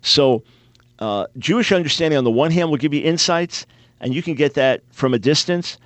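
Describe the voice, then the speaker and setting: A man's voice: fairly high pitch, normal speed, no room sound. Upbeat male radio call-in host. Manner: upbeat, conversational, explanatory. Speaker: radio talk show host. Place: radio studio.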